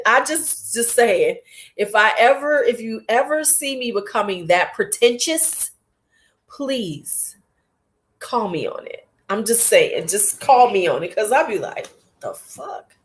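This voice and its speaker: A woman, chatting casually and bluntly on her beauty vlog, animated and self-mocking. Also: mid-range voice. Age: 40s. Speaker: beauty vlogger. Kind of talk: casual chat.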